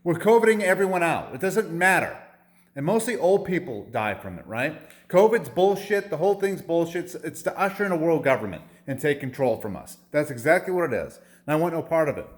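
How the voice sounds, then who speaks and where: High-voiced man ranting angrily. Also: big pitch swings, brisk. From United States. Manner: heated, profane, repetitive, jabbing rhetorical questions. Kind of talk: angry political rant.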